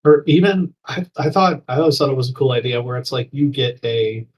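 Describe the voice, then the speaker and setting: A man on a casual call-in show who lays out ideas with enthusiasm and a wry edge. His voice is at a middle pitch and sounds natural. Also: brisk, darkish tone, a little hiss or hum, poor audio.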